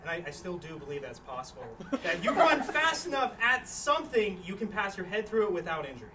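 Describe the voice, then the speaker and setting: Deadpan young man with a lively voice. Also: sits high, fast. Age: young adult. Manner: deadpan, dry answers. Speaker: audience volunteer. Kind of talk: live improv interview. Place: small theater with live audience. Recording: distant stage audio, noisy crowd.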